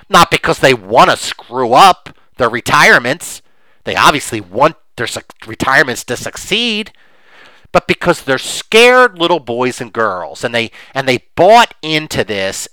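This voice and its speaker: A man's voice: a little high, sharp tone, dry recording, low-quality recording. A man hosting a podcast, arguing emphatically and impassioned, with frequent restarts. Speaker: podcast host. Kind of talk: opinionated podcast talk.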